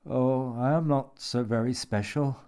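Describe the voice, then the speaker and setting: A man's voice: mid-range voice, a little slow, mellow, smooth, voice pushed up, close to an everyday voice. A man voicing a frightened, drunk, meek man who speaks thickly and hesitantly.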